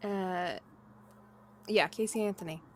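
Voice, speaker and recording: A woman's voice: on the low side, slow pace, a little hiss or hum. A woman co-hosting a casual podcast chat, laughing easily as she reads out short spooky stories. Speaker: podcast co-host.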